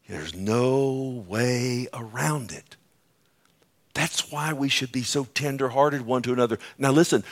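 Male pastor, church sermon, mid-pitched voice, hushed then loud, impassioned preaching. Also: very animated, unhurried. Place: church sanctuary.

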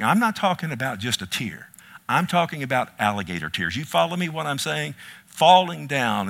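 A middle-aged male pastor preaching a sermon, swinging from loud calls to hushed, quiet storytelling. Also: medium pitch.

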